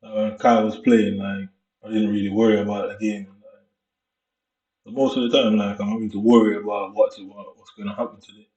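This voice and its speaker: Jamaican guy, young, slangy rambling chat, dark muffled sound, mic far off. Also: fairly low pitch, flat delivery. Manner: rambling, slangy, loose and unhurried. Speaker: vlogger. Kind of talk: casual storytelling monologue. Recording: echoey room, distant dull mic.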